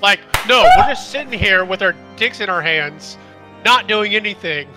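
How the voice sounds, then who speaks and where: A man's voice: high-pitched, expressive, moderate pace, bright, forceful tone, faint music behind. A man in his twenties chatting casually during a game stream, wry and joking, rambling with fillers. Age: 20s. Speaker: gamer streaming with a friend. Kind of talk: casual gaming chat.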